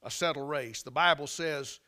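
A man preaching a sermon, telling folksy stories and rising to shouts. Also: on the high side, moderate pace.

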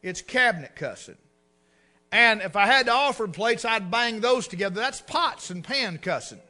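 A middle-aged man, preaching a humorous sermon in a folksy storytelling way, swinging between loud and hushed. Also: sits high, expressive, moderate pace.

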